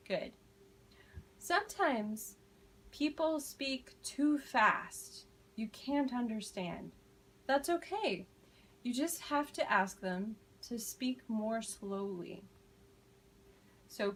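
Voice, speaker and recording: Slow-speaking woman teaching a class. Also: on the high side, lively intonation, a bit bright, slightly rough, poor audio. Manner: slow, deliberate modeling of phrases, encouraging praise. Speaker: ESL teacher.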